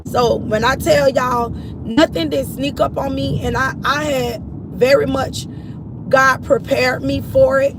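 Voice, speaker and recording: Middle-aged mother, testimony, high pitch with some fry, recorded outdoors with street traffic behind. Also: steady tone, measured pace. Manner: earnest, repetitive storytelling, addresses listeners as y'all. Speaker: grieving mother sharing her story. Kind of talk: personal testimony to followers. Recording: outdoor street noise, vehicles passing.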